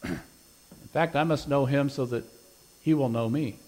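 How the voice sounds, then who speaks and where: A man's voice: mid-range voice, moderate pace, a little mellow, in a large hall, poor audio. A man preaching a sermon with an invitation, quoting scripture emphatically and pressing his listeners with questions. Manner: emphatic, rising on scripture quotes.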